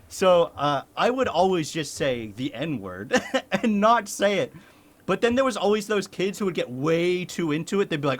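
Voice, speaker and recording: A man's voice: high-pitched, lively intonation, moderate pace. A young man from the United States, a streamer chatting casually with his chat, laughing often and swearing.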